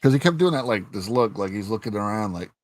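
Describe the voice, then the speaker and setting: A man's voice: on the low side, quick pace, dry recording. A man hosting a casual chat, retelling scenes with lots of swearing and laughter. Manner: animated storyteller, swears freely, laughs often. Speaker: host.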